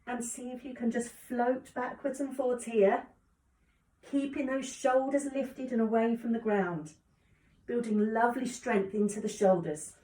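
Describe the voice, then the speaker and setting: A woman calmly guiding a yoga class with encouraging cues. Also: a little high, a little slow. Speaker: yoga instructor. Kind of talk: guided exercise instruction. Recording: echoey room, distant mic.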